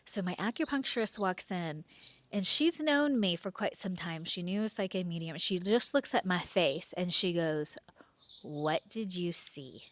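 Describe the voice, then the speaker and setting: A woman hosting and telling her own true story, expressive, dropping into hushed whispers and swinging between slow and quick delivery. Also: fairly low pitch. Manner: pace swings between slow drawn-out and rushed. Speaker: podcast host telling a personal story. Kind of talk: first-person storytelling.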